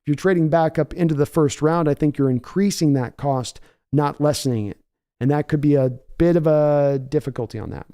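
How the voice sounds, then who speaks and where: Guy hosting a livestream, chatty, smooth clear voice, kinda high. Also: a little fast, warm tone. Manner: chatty, reads viewer comments aloud. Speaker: podcast host. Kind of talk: casual livestream chat.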